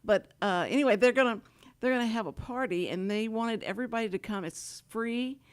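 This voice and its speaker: This talk show host from Houston, Texas has a higher-pitched voice and speaks fairly quickly. Sitting in a radio studio, she chats casually with her guests, wandering off topic and laughing frequently.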